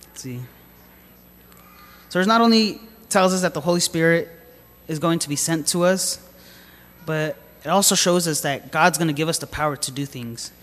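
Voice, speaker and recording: A man's voice: a little high, moderate pace, long pauses, fairly bright tone, long reverb tail. A man preaching a sermon, reading scripture aloud and then telling a personal story in a casual, hesitant way with many fillers. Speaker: lay preacher.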